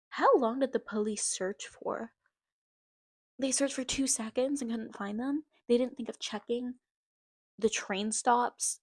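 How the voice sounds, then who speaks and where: Woman with a gravelly voice reading aloud. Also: on the high side, steady tone, a little slow, dry recording. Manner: amused, self-mocking commentary. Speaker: vlogger.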